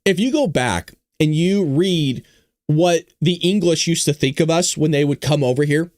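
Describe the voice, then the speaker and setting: A man from California hosting a casual political commentary livestream, talking in an animated, sarcastic way with mock-dumb asides. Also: fairly high pitch, normal speed, no room sound, clean studio sound. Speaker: host of a livestreamed political talk show.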